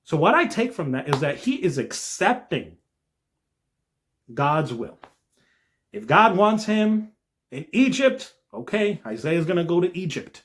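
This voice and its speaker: A young man with a slightly higher voice talks earnestly through a devotional message. His pitch lifts when he makes a point, and he checks in with little asides as he goes. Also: measured pace, pauses often, slight background noise. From New Jersey. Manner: earnest, lively rises in pitch, frequent "all right?" asides. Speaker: Christian video creator. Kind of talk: devotional talk to camera.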